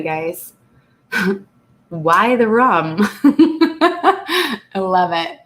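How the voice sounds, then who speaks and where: A woman's voice: lowish voice, fairly bright tone. A woman hosting a casual live stream, reading viewer comments aloud and chatting with frequent laughter, a little congested. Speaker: channel host reading live chat.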